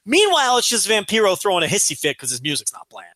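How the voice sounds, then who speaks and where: A man's voice: sits high, wildly swooping pitch, quick pace, hardly any pauses, bright, forceful tone, dry recording. A man co-hosting a podcast, ranting in a profane, exasperated way and acting out quotes in casual chat. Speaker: podcast co-host.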